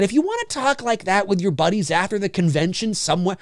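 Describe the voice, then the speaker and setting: A man's voice: high-pitched, fast talker, no room sound, clean studio sound. A man hosting a podcast, ranting in a casual chat with lots of restarts. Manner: animated, ranting, many restarts. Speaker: podcast host.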